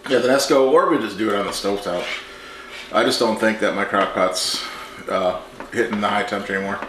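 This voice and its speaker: A man hosting a home cooking show, talking through a recipe in a relaxed, chatty way as he works in his kitchen. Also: lowish voice, fairly quick, noisy background. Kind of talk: casual cooking demonstration. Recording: echoey kitchen with clattering dishes.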